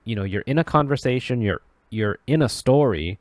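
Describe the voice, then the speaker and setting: A man's voice: medium pitch, lively intonation, darkish tone, no echo, clean studio sound. A man teaching English grammar off the cuff, often stopping to restart and correct himself as he searches for words. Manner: halting, many restarts and self-corrections. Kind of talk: unscripted grammar explanation.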